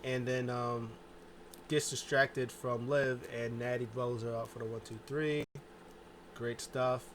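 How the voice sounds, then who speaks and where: Man, middle-pitched voice, casual rambling recap, lots of fillers, faint background hum. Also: steady tone, a little slow. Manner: rambling, loose, heavy on filler words. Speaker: wrestling show reviewer.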